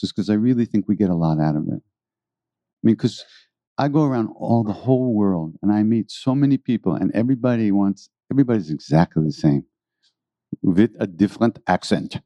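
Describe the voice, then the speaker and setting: A man's voice: fairly low pitch, lively intonation, normal speed, dark tone, no echo, dull audio. A man giving an informal spiritual talk to a live audience, earnest and rambling, often repeating his phrases.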